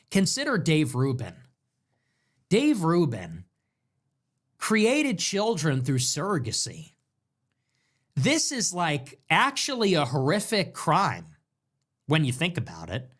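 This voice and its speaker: A man's voice: a little high, a bit bright. A man hosting a show, delivering an emphatic commentary monologue full of repetition and rhetorical questions. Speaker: show host.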